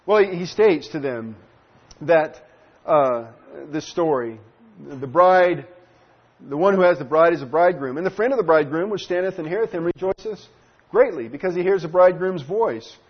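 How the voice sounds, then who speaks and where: Man teaching Scripture, slightly high voice. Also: breathy edge. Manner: earnest, explanatory, with frequent fillers and restarts. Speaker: Bible teacher. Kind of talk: expository Bible teaching. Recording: dull lo-fi recording.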